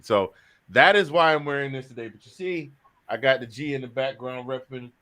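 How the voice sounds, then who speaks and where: A man's voice: medium pitch, fairly quick, sharp tone, no room sound. A man hosting a casual sports talk show, chatty and joking, often repeating himself. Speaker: show host.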